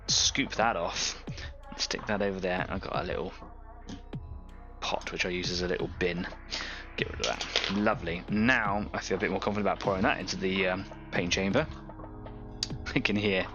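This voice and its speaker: A man's voice: sits low, muffled recording. A man hosting a live painting stream, chatting casually, rambling and laughing at his own jokes.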